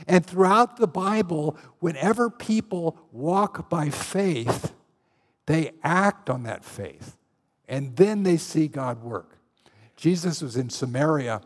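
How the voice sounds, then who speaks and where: Man preaching, storytelling sermon, slightly high voice, long hall echo. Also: expressive, takes it slowly, long pauses. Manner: storytelling, acts out Bible scenes with shifting voices.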